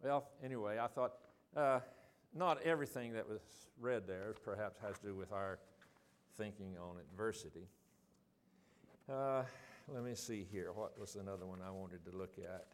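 A man's voice: lowish voice, slight background noise. Older man leading a rambling Bible study. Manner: rambling, many ums and restarts, reads quotes slowly. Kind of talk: informal group Bible study.

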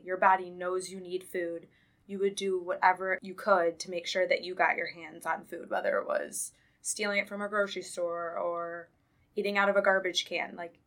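A woman co-host explaining things steadily in a relaxed conversational tone. Her voice sits a little on the low side. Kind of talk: casual conversational talk.

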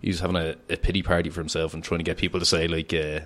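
A young Irish fighter, guesting on a podcast, talks rapid-fire in a low, level, slightly bright voice. He's brash and boastful, laughing often as they chat casually.

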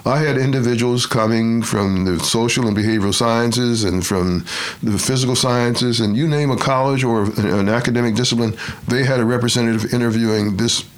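An older man from Detroit, a retired professor, telling his life story in a measured, reflective way and acting out the quotes. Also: medium pitch. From Detroit, USA. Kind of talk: storytelling interview.

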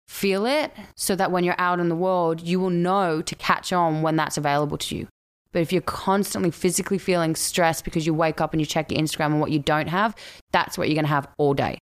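A woman in her thirties with an Australian accent, talking candidly as a podcast guest in casual chat. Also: fairly low pitch. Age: 30s. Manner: candid, animated storyteller.

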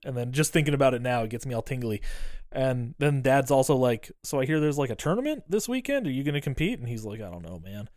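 A man in casual podcast talk, retelling a film and slipping into the characters' lines with a laugh. His voice sits at an ordinary middle pitch. The sound is dry and close, with no room behind it. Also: quick pace, a little mellow, no room sound. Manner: retells scenes acting out lines, laughs often, swears. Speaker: podcast co-host. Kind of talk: casual movie recap chat.

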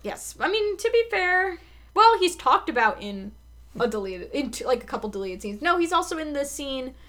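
Young adult woman, slightly high voice, casual recap podcaster, swears freely. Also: sing-song, brisk, pushed and bright. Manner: frequent swearing and filler words. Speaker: podcast co-host. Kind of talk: casual episode recap chat.

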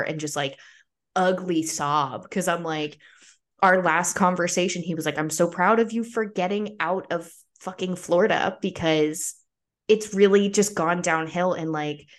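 Candid young woman, chatty podcast host. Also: sits low. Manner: candid, animated storytelling with frequent fillers. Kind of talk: casual conversation.

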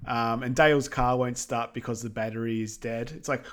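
A man in casual conversation, walking through a film scene by scene for a podcast. He keeps it loose and chatty and drops into quick quoted voices for the characters' lines. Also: mid-range voice, steady tone, a bit bright. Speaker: podcast co-host. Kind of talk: casual film recap chat.

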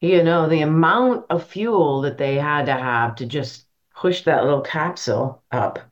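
A woman's voice: low voice, measured pace, highs cut off. A woman guest on a podcast, talking casually with lots of fillers and restarts. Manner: hesitant, many fillers and restarts. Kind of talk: casual chat.

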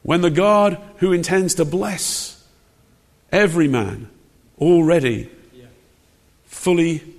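A preacher with a slightly high, creaky voice delivers his sermon slowly and a bit raised, emphatic yet conversational, repeatedly questioning the congregation while the church hall's long reverb rings.

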